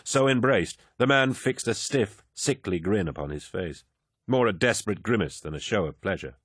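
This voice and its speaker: Deep husky male audiobook narrator. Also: lively intonation, moderate pace, a bit bright, dry recording, studio quality. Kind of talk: scripted narration.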